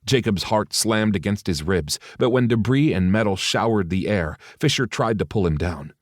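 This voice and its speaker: Deep-voiced male audiobook narrator. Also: lively intonation, normal speed, dry recording, clean studio sound.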